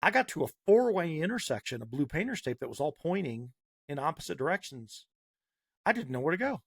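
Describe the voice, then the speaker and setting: A man's voice: on the high side, big pitch swings, brisk, vocal fry, slightly rough, no room sound, clean studio sound. A man hosting a podcast, delivering a heated, sarcastic opinion monologue with punchy repetition. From Massachusetts. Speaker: podcast host.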